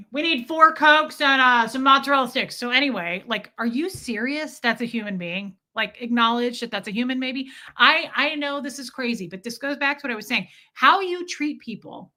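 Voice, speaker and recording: A woman's voice: on the high side, bright, forceful tone. A woman hosting a casual podcast, telling a story with indignation, swearing freely and addressing her listeners. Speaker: podcast host.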